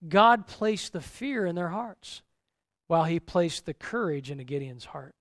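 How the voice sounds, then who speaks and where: A male pastor preaching a sermon, animated, acting out the lines of the Bible's figures. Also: high voice, normal speed, no echo, clean studio sound.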